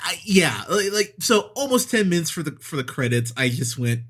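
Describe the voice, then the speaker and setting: A man chatting through a film review in a loose, animated way, his pitch sitting a little high and bouncing all over. He swears freely and breaks into laughter as he talks. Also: moderate pace. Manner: animated, profane, laughs often. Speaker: podcast host. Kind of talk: casual movie review chat.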